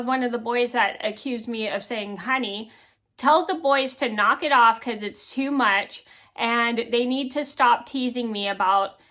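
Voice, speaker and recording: A woman's voice: on the high side, bright, forceful tone. A woman in her thirties casually telling a personal story to her viewers, rambling with many ums and restarts. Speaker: vlogger.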